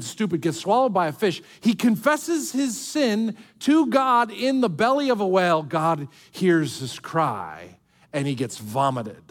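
A male pastor preaching a sermon, swinging between soft, hushed lines and emphatic outbursts. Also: high voice.

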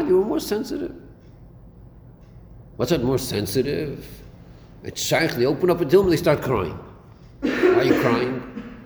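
A man's voice: medium pitch, creaky, a little mellow. Man teaching in an echoey hall. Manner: questioning, rhetorical, mixes Hebrew terms into English. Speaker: Torah teacher. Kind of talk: classroom lecture on Chassidic text. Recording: echoey hall recording with faint noise.

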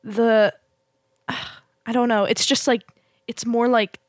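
A woman's voice: on the high side, flat delivery, takes it slowly, no room sound, studio quality. A young woman hosting a radio music show, chatting casually and rambling with lots of fillers.

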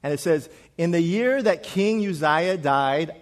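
A man preaching a sermon in a conversational way, asking the congregation questions and dropping to soft, quiet lines for emphasis. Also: on the high side, expressive, measured pace, hardly any pauses. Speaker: pastor.

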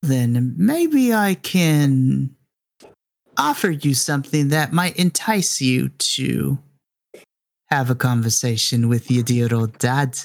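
A man voicing a sly, taunting male villain in a tabletop game, his pitch swinging up high. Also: big pitch swings, slow, gravelly, exaggerated voice. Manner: sly, teasing, theatrical. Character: smooth, taunting male villain, scientist father.

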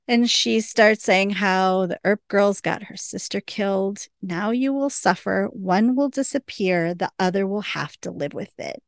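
Brief: woman co-host, vocal fry, dry close sound, chatty scene-by-scene recap. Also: mid-range voice, a little slow, no room sound. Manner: retells scenes quoting characters, chatty. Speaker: podcast co-host. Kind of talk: casual episode recap.

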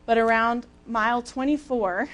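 A young woman giving a sermon as a lively, chatty personal story, with casual fillers and easy laughs. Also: fairly high pitch, moderate pace, slight background noise. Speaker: speaker at a church talk.

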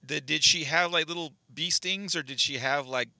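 A man's voice: on the high side, moderate pace, gravelly, sharp tone, no echo. A man co-hosting a casual podcast, teasing with crude jokes. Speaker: podcast co-host.

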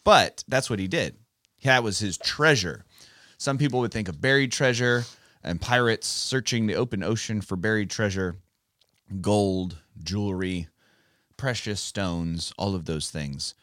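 A man's voice: fairly low pitch, measured pace, a bit bright, no room sound, clean studio sound. A man hosting a casual Bible podcast for children, talking in a playful, teacherly way. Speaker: podcast host.

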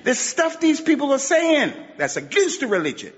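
A man with a high-pitched voice delivers a sermon, hammering his points with emphatic repetition and Arabic phrases. His voice rings with a long hall reverb, and the recording is muffled. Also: wildly swooping pitch, moderate pace. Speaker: preacher.

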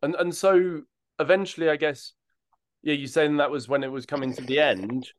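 A man hosting a podcast, asking questions in a relaxed way and summing up his guest's story. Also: on the high side, normal speed, no room sound, clean studio sound. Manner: relaxed, summarizing the guest's story back to him. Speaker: podcast host. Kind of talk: interview questions.

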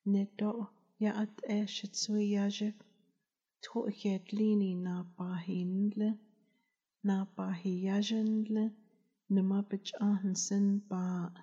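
A woman's voice: medium pitch, little pitch movement, slow pace, mellow, long reverb tail, close to an everyday voice. A woman voicing a tearful Navajo grandmother who gives her grandsons a tender ceremonial greeting. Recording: dull lo-fi recording.

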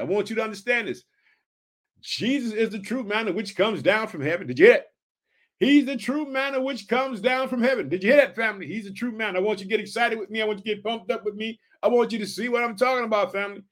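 Fervent high-voiced male preacher. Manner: fervent, repetitive call-and-response preaching. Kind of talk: sermon.

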